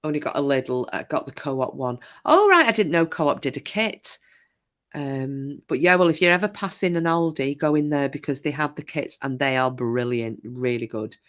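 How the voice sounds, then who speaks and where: A woman's voice: rumbling low, animated, moderate pace, fairly bright tone. A middle-aged woman, hosting a casual livestream, reading chat messages aloud and trading cheeky, bawdy banter. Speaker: live stream host reading chat.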